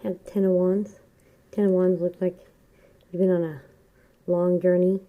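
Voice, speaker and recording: A woman giving a casual, rambling tarot reading, chatty and quick to laugh. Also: on the low side, level tone, narrow, tinny audio. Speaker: tarot reader.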